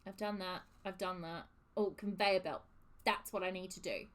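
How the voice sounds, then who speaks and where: A young woman streaming a game, chatting casually and swearing in an animated, exasperated way as she recaps. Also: lowish voice, moderate pace. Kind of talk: casual chat while live streaming a game.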